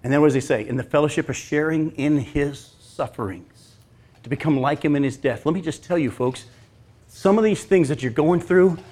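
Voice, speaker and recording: A man preaching a sermon as pastor, acting out scripture lines and asking the congregation questions. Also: medium pitch. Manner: animated, acts out scripture lines, talks with congregation.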